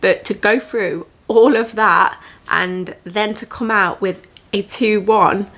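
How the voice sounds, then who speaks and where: A woman, telling a personal story to camera in an earnest, reflective and emotional way, halting with small restarts. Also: mid-range voice, steady tone, a bit bright. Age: 20s. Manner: emotional, motivational. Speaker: vlogger.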